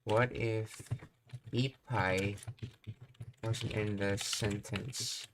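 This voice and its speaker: Low, flat-voiced man teaching live. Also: extremely slow, slight background noise. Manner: thinking aloud, reading explanations, self-questioning. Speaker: language teacher. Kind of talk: live-stream language lesson.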